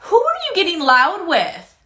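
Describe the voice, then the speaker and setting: A woman's voice: very high voice, wildly swooping pitch, moderate pace, pushed and bright, pitched above the performer's own voice, heavily acted. A woman playing an entitled, condescending customer in a comedy skit, demanding and indignant. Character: entitled rude middle-aged woman customer. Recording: roomy echo.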